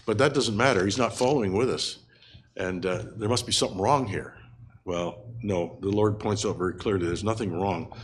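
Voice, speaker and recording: An older man with a fairly low voice teaches a Bible passage in an unscripted sermon. He talks earnestly and haltingly, with frequent fillers and restarts. Faint ambient noise sits behind him.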